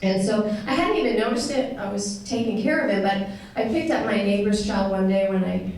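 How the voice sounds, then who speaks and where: A woman talks to a live audience and tells a personal story. She speaks in a heartfelt, conversational way and often corrects herself in mid-sentence. Her voice is caught from some distance in a very echoey room, with steady background noise. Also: medium pitch, normal speed. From United States.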